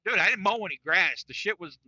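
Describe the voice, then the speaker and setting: A man in his forties hosting a podcast, telling a story in a casual, profane, animated way, saying "dude" constantly. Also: high voice, fast. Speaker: podcast host. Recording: dull lo-fi dry recording.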